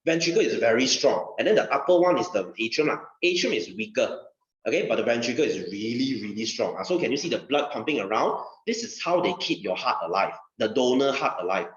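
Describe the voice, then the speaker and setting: A man's voice: mid-range voice, animated, a little fast. A male science teacher, giving a casual lesson in a chatty way, repeating phrases and asking rhetorical questions. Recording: dull, roomy recording.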